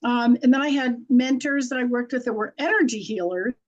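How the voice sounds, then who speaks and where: A middle-aged woman with a high voice tells stories in a blunt, folksy manner. She laughs easily and speaks in an unpolished, chatty way. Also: a little fast, muffled recording. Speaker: guest, intuitive and animal communicator. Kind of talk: conversational storytelling.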